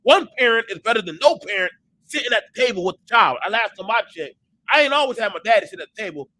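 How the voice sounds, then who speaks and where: Profane, animated man ranting. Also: high voice, fast, low-quality recording. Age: adult parent. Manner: profane, emphatic, repeats himself; swings into a shout when worked up. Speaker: host. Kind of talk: heated commentary rant.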